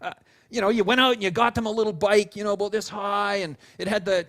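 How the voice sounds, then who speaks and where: A male pastor preaching a sermon in an animated storytelling way, with casual fillers and restarts. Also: high voice. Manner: animated storytelling, acting out quotes.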